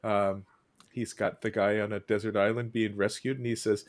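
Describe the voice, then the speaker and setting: A man hosting a casual panel chat, wry and joking as he reads out cartoon captions in quick funny voices. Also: on the low side, level tone. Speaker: podcast host presenting cartoons.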